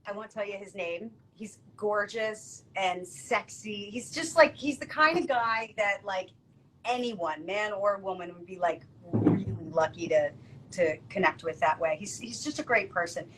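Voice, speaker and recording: A woman co-hosting a podcast, telling stories in a casual, lively way and acting out the quotes. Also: medium pitch, unhurried, a little hiss or hum, low-quality recording. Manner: lively, acts out quotes, laughs often. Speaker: podcast co-host. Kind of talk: casual storytelling chat.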